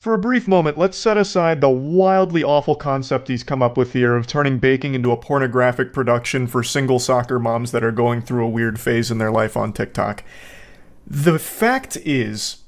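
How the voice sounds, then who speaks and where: A man's voice: medium pitch, moderate pace. A man giving comedic reaction commentary, sarcastic and incredulous, breaking into laughter often.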